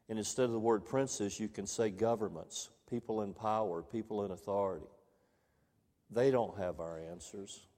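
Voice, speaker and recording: A man preaching a sermon to his congregation, reading scripture aloud and repeating key phrases for emphasis in a measured way. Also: on the low side, mellow, in a large hall. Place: church sanctuary.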